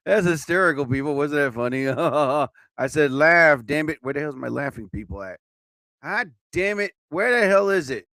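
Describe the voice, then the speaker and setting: A man's voice: on the high side, animated, moderate pace, a bit bright, dry recording, clean studio sound. A young man hosting a casual live-stream show, rambling and joking, swearing often as he fumbles with his sound effects. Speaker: host.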